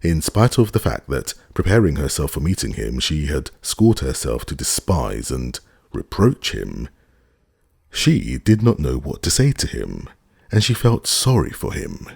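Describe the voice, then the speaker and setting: Deep raspy guy reading a classic novel audiobook, gravelly, dry close mic. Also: very animated, measured pace, darkish tone, dry recording. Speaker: audiobook narrator. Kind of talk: scripted narration.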